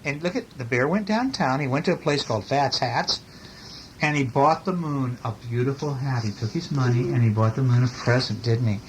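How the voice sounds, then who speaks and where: A father reading a bedtime picture book aloud to his child, gentle, stopping to ask questions as he goes. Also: medium pitch, a little fast, slight background noise, poor audio.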